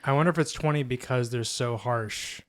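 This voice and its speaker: A man's voice: mid-range voice, fairly quick, no echo, studio quality. A man hosting a podcast, bantering casually with jokey, self-deprecating remarks. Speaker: podcast host.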